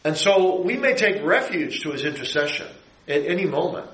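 A middle-aged man preaching a sermon, building his phrases to emphatic high peaks and then dropping low. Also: lively intonation, normal speed, fairly bright tone, roomy sound, poor audio.

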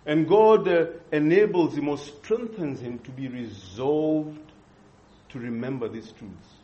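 A man preaching an expository sermon, earnest and measured, pausing and restarting as he thinks. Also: fairly high pitch, animated, mellow. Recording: dull lo-fi recording.

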